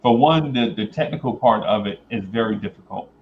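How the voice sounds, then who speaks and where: A man hosting a casual talk show, rambling and thinking aloud with many pauses and fillers. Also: lowish voice. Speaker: host. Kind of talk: casual chat. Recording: slightly dull, faintly noisy.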